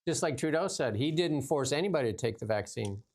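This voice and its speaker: Male host, blunt and animated, casual talk. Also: mid-range voice, fairly quick. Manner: animated, blunt, laughs often. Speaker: show host. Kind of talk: casual political talk show chat.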